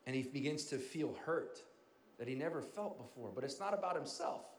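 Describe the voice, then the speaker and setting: A man with a high voice delivers a sermon in a dynamic preaching style, building to loud emphatic peaks and dropping to hushed, quiet moments. His voice carries with a roomy echo, as if from a church hall. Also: lively intonation, moderate pace, a little hiss or hum. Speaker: pastor.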